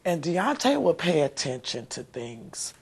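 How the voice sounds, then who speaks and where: A woman's voice: low voice, very animated, a little slow, slightly rough. A woman, a mother being interviewed, talking heartfelt and rambling with many fillers. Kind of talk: emotional interview recollection.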